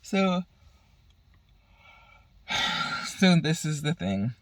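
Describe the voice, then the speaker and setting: A man's voice: a little high, big pitch swings, drawn-out words, fairly bright tone, no echo. A man from the Bay Area ranting profanely and heatedly in a casual vlog. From San Francisco Bay Area. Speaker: vlogger.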